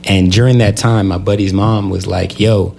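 A man's voice: low voice, fairly even intonation, moderate pace, creaky, a little mellow, a little hiss or hum. A man from California telling his life story as an interview guest, laughing easily. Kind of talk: casual storytelling.

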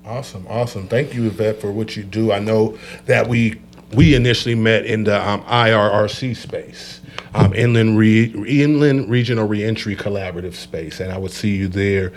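A man's voice: fairly low pitch, fairly even intonation, normal speed, a little hiss or hum. A man hosting an interview, supportive, with frequent affirmations. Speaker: host. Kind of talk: interview talk.

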